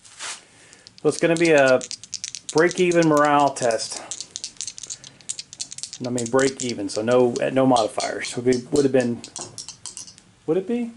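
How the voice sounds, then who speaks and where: A man narrating his own tabletop wargame in a casual play-by-play, excitable, joking and swearing at his dice rolls, recorded in a home basement. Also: mid-range voice, unhurried, long pauses, slight background noise. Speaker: wargaming hobbyist narrating a battle report.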